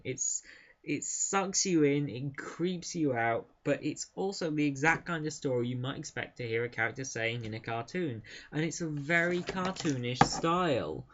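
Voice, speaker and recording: A man's voice: medium pitch, muffled recording, slight background noise. A man casually reviewing a comic book, enthusiastic and chatty, with frequent ums and uhs.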